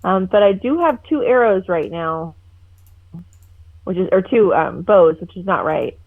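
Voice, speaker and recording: A woman's voice: on the low side, lively intonation, measured pace, vocal fry. A woman playing a tabletop game over a call, chatty and apologetic, her voice muffled by her headset. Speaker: player. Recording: muffled, phone-like headset line.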